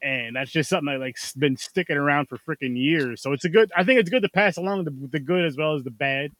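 A male podcast host chatting with friends at a quick pace. His voice is recorded dry and close, and he speaks enthusiastically with casual swearing. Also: a little high, fairly bright tone, no room sound, rough recording. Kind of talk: casual group chat.

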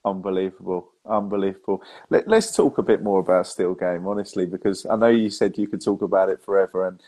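A man's voice: low-pitched, fairly quick, warm tone, husky. A man hosting a casual podcast, talking with eager enthusiasm and stumbling restarts. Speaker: podcast host.

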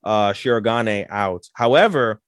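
A man co-hosting a podcast, casually recapping an anime episode with lots of swearing and quick character voices. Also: no echo, studio quality. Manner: excitable, swears a lot, acts out characters in quick high voices. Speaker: podcast co-host.

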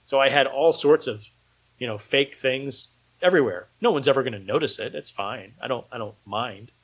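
A man's voice: mid-range voice, moderate pace, a bit bright, breathy edge, low-quality recording. A man speaking as an independent filmmaker guest in a casual podcast conversation, rambling with many fillers and a dry, sarcastic humor.

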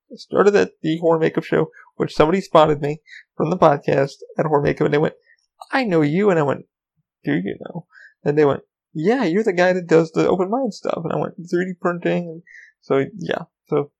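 A man's voice: fairly high pitch, gravelly, darkish tone, muffled recording. A man in his thirties hosting a podcast on his own, talking in a rambling, profane, casual way. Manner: rambling, profane, self-interrupting. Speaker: podcast host. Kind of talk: casual solo podcast chat.

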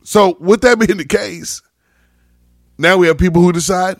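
A man's voice: sits high, normal speed, gravelly, pauses often, no room sound, clean studio sound. A man on a casual podcast panel, ranting heatedly and emphatically, with frequent cursing.

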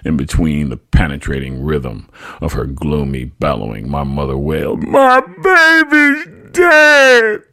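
A very deep, husky-voiced podcast host reads his family memoir at a moderate pace, telling it with flair and booming out the quoted speech. The recording is dry and of studio quality.

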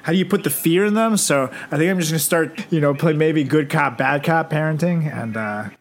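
A man co-hosting a podcast in casual banter, laughing often and acting out loud quotes. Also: on the high side, fairly quick. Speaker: podcast co-host.

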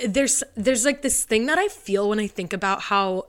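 A woman's voice: mid-range voice, lively intonation, normal speed. A young woman hosting a solo podcast from her living room, talking close into a mic. She rambles and fills her speech with "like", and she is tearful. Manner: rambling, heavy use of "like", tearful and laughing. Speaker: podcast host. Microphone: studio mic, close.

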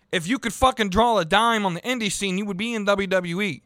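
A man's voice: sits high, pushed and bright, no room sound. A young man hosting a podcast, ranting heatedly with lots of swearing and stumbling restarts. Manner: profane, heated, rambling with restarts. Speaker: podcast host reviewing wrestling. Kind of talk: casual ranting commentary.

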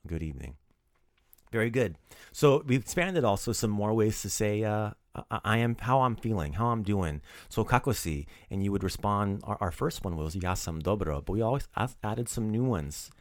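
A man's voice: on the low side, lively intonation, normal speed, no echo, clean studio sound. A man teaching a casual podcast language lesson, upbeat and playfully teasing his student.

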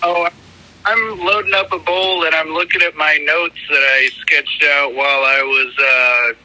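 A man's voice: fairly high pitch, fairly even intonation, unhurried, pushed and bright, poor audio. A man calling into a podcast, goofy and teasing in casual chat. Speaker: caller.

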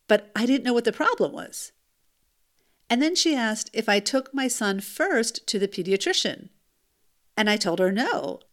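An adult woman recounts a personal story as a mother, speaking straight to her listener. Her telling is animated and emphatic, with rhetorical asides along the way. Her voice sits at an ordinary middle pitch for a woman. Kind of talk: first-person storytelling monologue.

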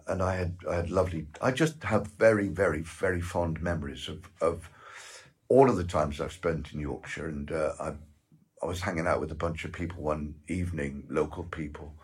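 A very low, husky man's voice with a West Country accent. He spins anecdotes in a rambling, halting way and keeps repeating his words as he talks with his interviewer. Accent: West Country English. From West Country of England. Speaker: actor guest.

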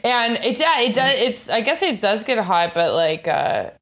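A woman's voice: on the high side, big pitch swings, a little slow, fairly bright tone. A young adult woman comedian with a Canadian accent, chatting casually on a podcast and rambling with lots of "like" fillers. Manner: rambling, full of "like" fillers, laughs often. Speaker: comedian guest.

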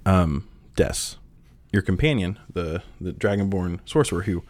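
A man's voice: low-pitched, animated, unhurried, a little mellow. A man narrating as game master of a tabletop game, describing scenes with occasional restarts.

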